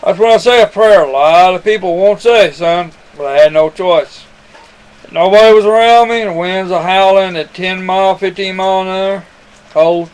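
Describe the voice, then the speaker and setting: A man's voice: high-pitched, normal speed, darkish tone, smooth, rough recording. A man telling a personal testimony to his webcam, rambling and earnest, calling the listener son. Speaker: webcam storyteller.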